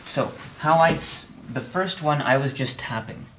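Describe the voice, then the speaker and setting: A male music theory instructor at a middle pitch, talking through a recorded lesson in a chatty, slightly wry way. He keeps checking in with the viewer and calls out beat counts with strong emphasis on the downbeats. A faint hiss sits under the voice. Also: unhurried, fairly bright tone.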